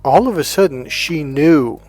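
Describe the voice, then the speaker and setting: A man's voice: a little high, animated, measured pace, a little mellow, soft background music. A man working as a dating coach, telling a personal story as advice in a profane, emphatic way. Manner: profane, emphatic, repeats "here's the deal".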